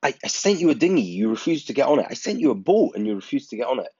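A man's voice: medium pitch, big pitch swings, very fast, dark tone, husky, no room sound, pitched above the performer's own voice. A man putting on an exasperated, stammering God. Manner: stammering, incredulous. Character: exasperated male God in heaven. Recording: dull lo-fi recording.

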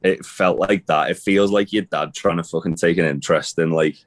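A man's voice: low voice, moderate pace. A young man co-hosting a casual chat, rambling with restarts and casual swearing. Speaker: podcast co-host. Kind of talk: casual chat about wrestling.

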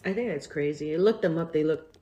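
A woman's voice: low-pitched, quick pace, mellow, dull audio. A woman co-hosting a podcast, asking curious questions in casual chat. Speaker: podcast co-host.

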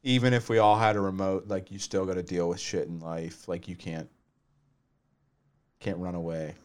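A man's voice: low voice, little pitch movement, moderate pace. A man in his twenties chatting casually, meandering through a story and swearing, calling his friend "dude". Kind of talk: casual chat.

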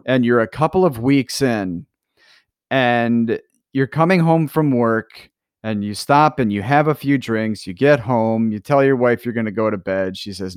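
A man's voice: mid-range voice, unhurried, clear, resonant tone, no room sound, studio quality. A man hosting an interview, asking reflective, probing questions with hesitant fillers. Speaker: podcast host.

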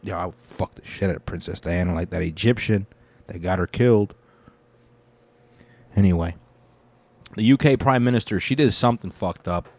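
A man's voice: sits low, normal speed, long pauses, a little mellow, dry recording. A young man hosting a casual news commentary, rambling and swearing freely. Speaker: show host.

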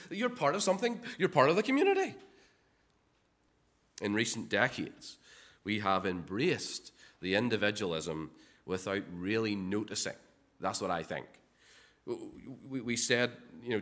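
A man's voice: mid-range voice, very animated, normal speed, pauses often, a bit bright. A man preaching a sermon in a conversational way, often repeating words and asking rhetorical questions.

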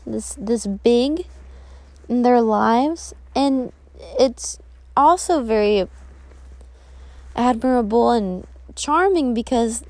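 Young woman, unhurried personal monologue, candid, rambling, dry recording. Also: fairly high pitch, a little mellow, dry recording. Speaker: podcast host.

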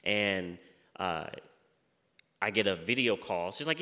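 A man's voice: deep voice, measured pace, pushed and bright, in a large hall. A man sharing a personal faith story in casual conversation, earnest and reflective. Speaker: guest sharing a testimony.

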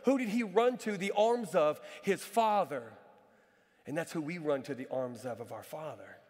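A man preaching a sermon, a lively storyteller who builds to excited, shouted moments. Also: on the high side, normal speed. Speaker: pastor. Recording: long reverb of a large hall.

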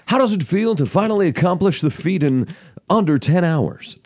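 A man's voice: high-pitched, lively intonation, moderate pace, darkish tone, dry recording, clean studio sound. A man hosting a casual family podcast, playful and teasing, asking his kids lots of questions. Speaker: podcast host and father.

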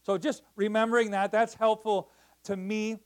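High-voiced male missionary preacher. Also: flat delivery, moderate pace. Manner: conversational, repeats words, asks the crowd "right?". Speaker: missionary pastor. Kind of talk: sermon. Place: church.

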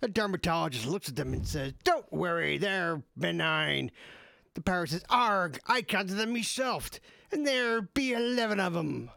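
A man's voice: high voice, expressive, normal speed, vocal fry, pushed and bright, no echo, clean studio sound, exaggerated voice. A man doing a hearty, swaggering pirate voice on a comedy podcast, growling "arg" and "matey" between corny jokes. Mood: hammy. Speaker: podcast co-host, the dad.

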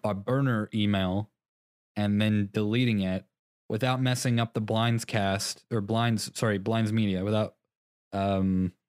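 A man's voice: on the low side, fairly even intonation, measured pace, darkish tone, smooth, no echo, clean studio sound. A young man co-hosting a podcast in casual chat, rambling through a story, restarting his sentences and laughing at himself. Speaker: podcast co-host.

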